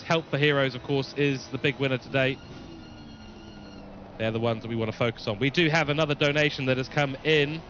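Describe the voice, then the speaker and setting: A man's voice: medium pitch, fairly bright tone, muffled recording, a little hiss or hum. A man from New Zealand with a mixed English and New Zealand accent, giving live race commentary and reading viewer chat aloud. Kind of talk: live sim-racing commentary.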